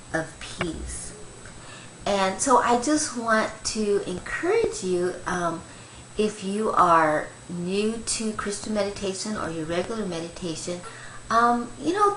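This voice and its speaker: An older woman, a grandmother, giving a gentle, rambling devotional talk on Christian meditation, with many fillers. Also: medium pitch, roomy sound, a little hiss or hum, poor audio.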